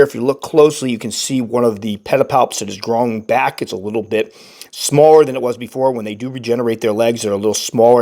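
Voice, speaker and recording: A man with a slightly stuffy voice, calmly narrating a casual update about caring for his pet tarantula. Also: mid-range voice. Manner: calm, explanatory, patient. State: stuffy, recovering from illness. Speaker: tarantula keeper and channel host.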